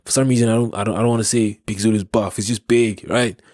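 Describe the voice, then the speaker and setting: A man's voice: on the low side, fairly even intonation, fast talker, darkish tone, dry recording, studio quality. A young South African man hosting a podcast, telling a story in a rambling way with many restarts and frequent laughs. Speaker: podcast host. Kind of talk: casual storytelling.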